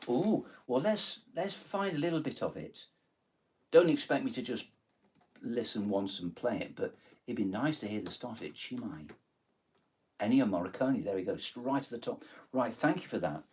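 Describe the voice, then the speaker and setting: Speaking in a mid-range, expressive voice that's slightly mellow and husky, a man with a Nottingham (East Midlands) accent chats casually on a live stream at normal speed. He rambles and hesitates as he takes song requests, with plenty of ums and self-corrections.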